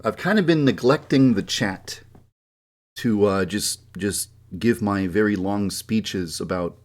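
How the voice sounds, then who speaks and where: A young man talks into a desk mic during a home livestream, his voice sitting a little low. He moves from loose chat to a measured, formal lecturing delivery. Now and then he grumbles and vents. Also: darkish tone. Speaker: game developer streaming.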